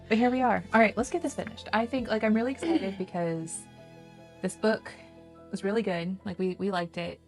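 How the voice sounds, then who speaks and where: A woman's voice: mid-range voice, moderate pace, soft background music. A young woman co-hosting a casual book podcast, retelling the plot at length and slipping into the characters' lines. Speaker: podcast co-host.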